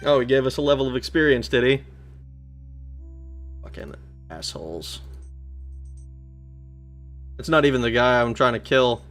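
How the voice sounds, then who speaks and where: A man streams a retro game and keeps up a running commentary, cursing freely whenever the game annoys him. His voice sits at an ordinary middle pitch, and faint music plays underneath. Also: little pitch movement, quick pace, hardly any pauses, fairly bright tone. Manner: swears heavily, easily frustrated, talks to chat. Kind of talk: let's play commentary.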